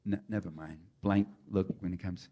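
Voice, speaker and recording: A man's voice: low-pitched, fairly even intonation, moderate pace, dark tone, a little hiss or hum. Sardonic New man lecturing. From New York. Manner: sardonic, mocking, wry complaining asides. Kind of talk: public talk to an audience. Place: college lecture hall. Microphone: handheld microphone that keeps cutting out.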